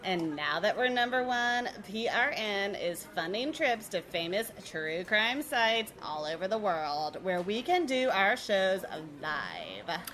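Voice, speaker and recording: A woman's voice: mid-range voice, big pitch swings, slow, hardly any pauses, a bit bright. A woman co-hosting a comedy show, trading sassy, sarcastic scripted banter. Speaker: podcast co-host.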